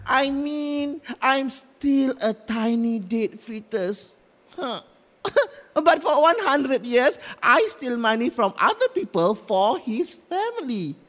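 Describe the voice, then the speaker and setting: A woman's voice: sits high, expressive, slow, fairly bright tone, heavily acted. A woman voicing a whiny undead infant spirit boy with a Malaysian English accent, petulant and self-pitying. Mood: complaining. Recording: long reverb with music behind.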